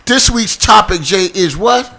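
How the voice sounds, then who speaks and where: Give me a bright-toned male host with a Boston accent, animated and joking with his panel. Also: sits high, a little slow, creaky. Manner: loud, animated, jokey. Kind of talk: casual talk show hosting.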